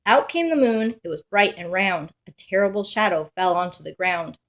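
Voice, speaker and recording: A woman reads a rhyming picture book aloud for children. Her delivery is lively and sing-song, and her voice sits at a medium pitch. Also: moderate pace, dull audio. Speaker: storybook reader.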